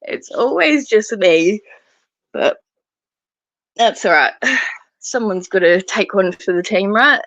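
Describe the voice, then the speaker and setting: A woman's voice: mid-range voice, very animated, slow pace, long pauses, fairly bright tone, no echo. A woman with a cold chatting with a friend on a video call, easygoing and laughing often. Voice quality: rough, gravelly voice. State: sick with a cold. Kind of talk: casual chat.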